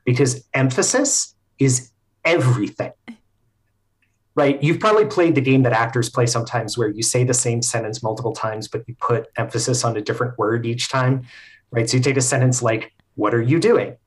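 A man speaking as a podcast guest, telling stories in a thoughtful, explanatory way with frequent filler pauses. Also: medium pitch, steady tone. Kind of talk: casual conversational storytelling.

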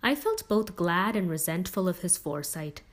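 A woman narrates an audiobook in the first person. She reads steadily and evenly, at a measured pace. Her voice sits a touch low for a woman. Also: sing-song.

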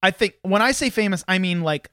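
A man with a high, quick voice hosts a podcast, excitable and swearing freely as he rambles. The sound is dry and close, with no room around it. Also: no echo. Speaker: podcast host. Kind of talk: casual chat. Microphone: headphones and studio mic.

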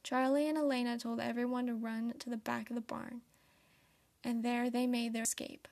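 Gravelly teen girl narrating a story. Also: fairly high pitch, level tone, moderate pace, darkish tone. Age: late teens.

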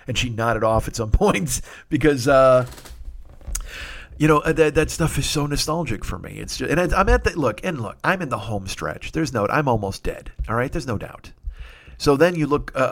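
Profane rambling man, mid pitch. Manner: profane, animated, with sudden loud outbursts. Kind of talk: rambling comedic monologue.

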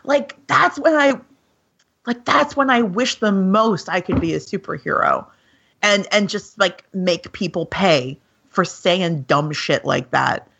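A woman's voice: mid-range voice, animated, measured pace, gravelly, fairly bright tone, husky, muffled recording. A woman on a podcast chatting casually and wryly, filling her speech with "like". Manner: says "like" constantly, wry. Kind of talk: casual chat.

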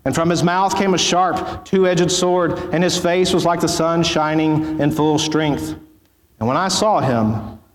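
A man preaching as pastor, reading scripture in a solemn, measured way before his sermon. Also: a little high. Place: church sanctuary. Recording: echoey church hall.

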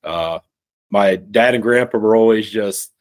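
Easygoing iowa guy, lowish voice, lots of ums and you knows. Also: measured pace. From eastern Iowa. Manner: relaxed, rambling with fillers. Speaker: podcast guest, hunter. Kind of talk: casual chat.

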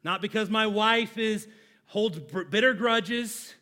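A pastor in his forties delivers a sermon in a high, ringing voice. He talks directly to his congregation and gets them to call back. He moves from loud, pressing emphasis to low, hushed asides. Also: slow. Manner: addresses the congregation directly, prompting call and response.

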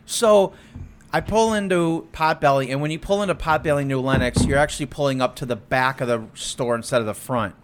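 A man's voice: medium pitch, a little fast, a little hiss or hum. A man co-hosting a podcast in casual chat, telling stories with lots of swearing and acting out what people said. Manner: animated storytelling, swearing, acts out quotes loudly. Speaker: podcast co-host.

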